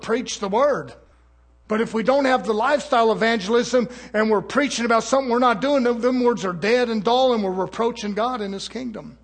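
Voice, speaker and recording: A man preaching a sermon in a fervent, folksy manner, moving between hushed asides and shouted exhortation. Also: sits high, slightly rough. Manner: folksy, plain-spoken.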